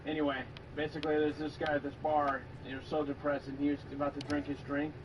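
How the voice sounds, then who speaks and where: A man's voice: a little high, completely flat delivery, fast talker, noisy background. A man chatting on a stream, telling a story hesitantly with many fillers. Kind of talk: casual chat, telling a story.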